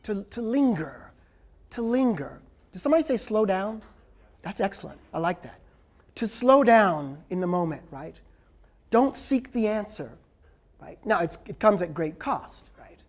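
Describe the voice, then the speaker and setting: A man's voice: high voice, very animated, normal speed. A man giving a lecture as a professor and taking questions from the audience, speaking emphatically and often checking in with "right?". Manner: emphatic, frequently ends points with "right?".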